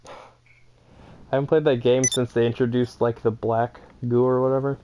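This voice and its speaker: A man's voice: mid-range voice, level tone, normal speed, mellow. Joking young man gaming, gunfire noise. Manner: joking, crude, laughs often. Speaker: gamer. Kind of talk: casual chat over gameplay. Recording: game gunfire and engine noise behind.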